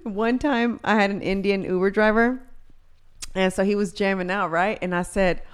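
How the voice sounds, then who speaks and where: Woman on a podcast, telling stories fast and excited, acts out what people said. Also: medium pitch, clear, resonant tone. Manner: animated storyteller, quick bursts of quoted dialogue. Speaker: podcast co-host. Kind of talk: casual chat.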